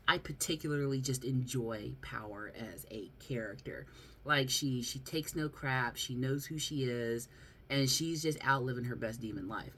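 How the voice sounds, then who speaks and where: Low-voiced Southern woman chatting. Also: a bit bright, a little hiss or hum. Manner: chatty, goes off on rants, laughs often. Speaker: vlog host showing her figure collection. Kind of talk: casual chat.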